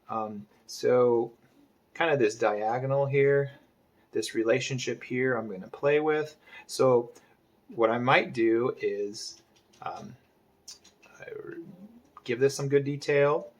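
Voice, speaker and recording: Male art instructor, casual tutorial talk-through, gravelly and a bit husky, hesitant and thinking aloud, with muttered asides. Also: medium pitch.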